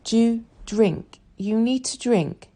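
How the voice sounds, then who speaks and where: A woman reading a storybook voices a six-year-old boy who is devoted and stubborn. His voice sits well above her own low, mellow tone and sounds high and earnest. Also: takes it slowly. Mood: urging.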